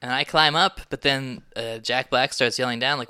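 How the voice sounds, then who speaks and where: A man improvising on a comedy podcast, telling a rambling deadpan story in character as an army general. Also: mid-range voice, moderate pace, clean tone, no room sound, clean studio sound. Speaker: improv guest playing a general.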